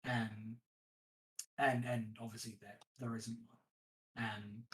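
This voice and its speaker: A woman's voice: very deep voice, little pitch movement, takes it slowly, a little hiss or hum, rough recording. A woman narrating as game master in a tabletop game, hesitant and full of fillers.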